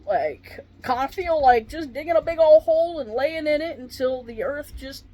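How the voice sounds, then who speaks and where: A woman's voice: high voice, expressive, moderate pace, dark tone. Exasperated, foul-mouthed woman venting. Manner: swearing, exasperated, darkly joking. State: in pain. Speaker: vlogger, retired paramedic. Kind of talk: venting rant to camera.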